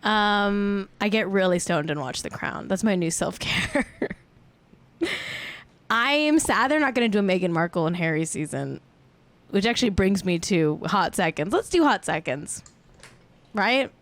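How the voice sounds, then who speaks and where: Woman, host, celebrity gossip livestream, lively up-and-down pitch, unhurried, playful, self-mocking.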